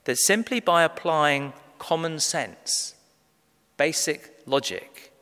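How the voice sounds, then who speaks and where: A man preaching a sermon, measured and emphatic, slowing down to stress key phrases. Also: a little high, lively intonation, sharp tone, clean tone. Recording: long reverb of a large hall.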